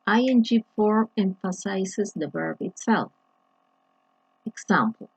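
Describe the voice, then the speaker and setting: Female English teacher, slow deliberate delivery, husky tone, dull dry lo-fi recording. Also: medium pitch, darkish tone, no room sound. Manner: slow, deliberate, with frequent restarts and fillers. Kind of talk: grammar lesson explanation.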